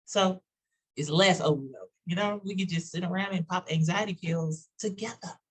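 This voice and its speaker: A woman from Texas with a Texas accent, talking casually on a panel in a halting way with many restarts and fillers. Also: fairly low pitch, breathy edge, rough recording.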